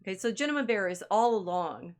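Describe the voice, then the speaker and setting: A woman's voice: medium pitch, lively intonation. A woman co-hosting a podcast, casually retelling a toy story with chatty restarts and asides. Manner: chatty, halting with restarts and laughs. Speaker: podcast co-host.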